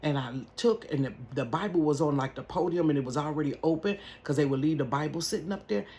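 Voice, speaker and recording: A woman tells a personal story to camera from her bedroom. She is animated and folksy and talks straight to her viewers. There is a faint hum of room ambience behind her. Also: low-pitched, fast. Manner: animated, folksy, addresses viewers as y'all and honey. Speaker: vlogger. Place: home bedroom. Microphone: camera at close range.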